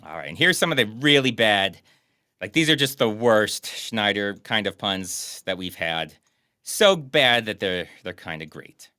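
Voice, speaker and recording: Lively, bright-voiced man joking around. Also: lowish voice, unhurried, clear, resonant tone, no echo, studio quality. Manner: joking, animated banter. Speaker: podcast co-host. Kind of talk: casual chat.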